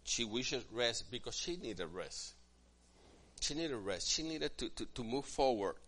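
Preaching man, quiet to loud. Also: mid-range voice, lively intonation, unhurried. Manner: swings from quiet asides to loud emphatic preaching; acts out quoted church members in different voices. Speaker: pastor. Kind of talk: sermon.

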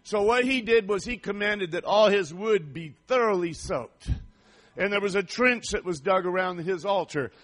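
A man delivers a fervent sermon in a notably high voice. He reads scripture aloud and breaks into asides to the congregation, climbing to shouted praise. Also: normal speed. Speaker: preacher.

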